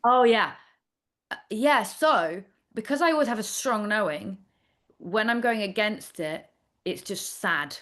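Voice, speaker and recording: Woman, interview guest, mid-pitched, chatty storyteller, playful, candid. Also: animated, a little slow, a bit bright. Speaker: astrologer guest. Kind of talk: casual interview chat.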